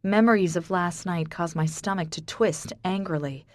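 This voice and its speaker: A woman's voice: fairly low pitch, normal speed, dry recording. A woman narrating an audiobook in the first person in a subdued, somber tone.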